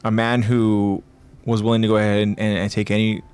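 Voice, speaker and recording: Smooth-voiced man on a podcast. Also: a little fast. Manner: animated, acts out quoted lines with raised pitch; thinking aloud with many fillers and restarts. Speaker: podcast co-host. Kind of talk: casual podcast discussion.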